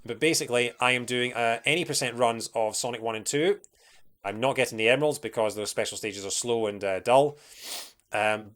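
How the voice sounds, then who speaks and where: A man's voice: mid-range voice, a bit bright. A young man with a Scottish accent, chatting casually and rambling with plenty of fillers while he streams a game. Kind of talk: casual livestream chat while playing.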